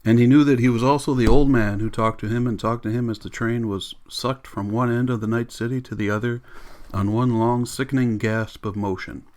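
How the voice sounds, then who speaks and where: A man narrating an audiobook in a steady, measured reading. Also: medium pitch. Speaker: audiobook reader.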